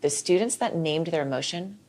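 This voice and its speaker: Low, gravelly-voiced woman explaining calmly. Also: fairly quick. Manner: explanatory, lively, acts out quoted voices. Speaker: clinical psychologist guest. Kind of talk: casual podcast conversation.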